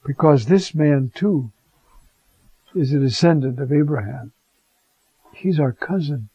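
This homilist talks conversationally and acts out the Gospel scene animatedly, voicing its characters. His pitch is on the high side with a breathy edge and measured pace, in a dry, dull, lo-fi recording.

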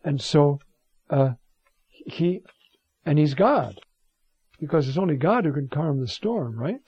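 A man's voice: a little high, takes it slowly, slightly rough. A man giving a Bible lecture, reading passages and explaining them with frequent asides and restarts. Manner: animated, many "you see" asides and restarts. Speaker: Bible teacher. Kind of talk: scripture lecture. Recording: dull lo-fi dry recording.

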